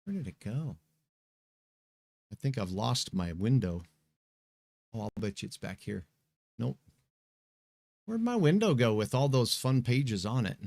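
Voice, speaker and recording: A middle-aged man from Montana hosting a weather show, chatting in a folksy, excitable way and giving shout-outs to viewers. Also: mid-range voice, unhurried, vocal fry, pauses often. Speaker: weather show host, meteorologist. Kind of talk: casual live-stream chat.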